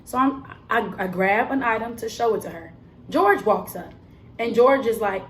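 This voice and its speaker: A young woman telling a story in a casual, animated vlog style, emphatic and full of fillers. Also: on the high side, moderate pace, slight background noise. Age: young adult. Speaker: vlogger and cosmetics counter worker.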